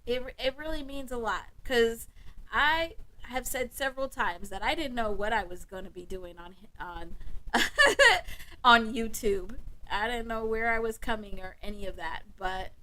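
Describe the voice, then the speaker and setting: A woman's voice: on the high side, expressive, a little slow, bright, forceful tone. A woman hosting a livestream, chatting casually with viewers, thanking them by name and laughing often. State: emotional, close to tears. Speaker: livestream host. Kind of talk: casual live chat with viewers.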